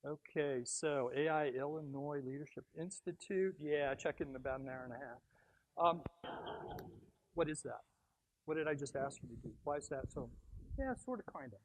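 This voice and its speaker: A middle-aged man giving an animated motivational keynote speech, telling stories, acting out quotes and drawing the audience in. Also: a little high, normal speed, slight background noise, poor audio. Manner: animated storytelling, acts out quotes, engages audience. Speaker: guest speaker. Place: brewhouse event space.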